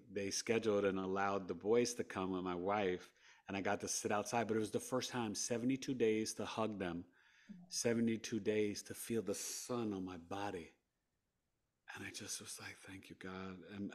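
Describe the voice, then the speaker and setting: With a voice on the low side, a man from New York tells his story as a podcast guest in his New York accent. He keeps it animated, performing the quotes and laughing frequently.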